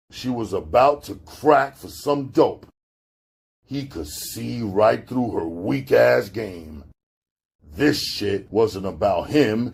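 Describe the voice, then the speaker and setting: A man narrating a gritty street novel as an audiobook, in a low-key, unhurried storytelling manner with street slang. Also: creaky, a little mellow, breathy edge.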